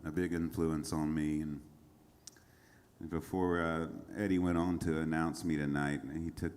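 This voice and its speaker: A man's voice: extremely low pitch, flat delivery, a little slow, a little mellow, smooth. A man telling rambling stories between songs on a small concert stage, with many fillers and chuckles. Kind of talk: casual onstage storytelling.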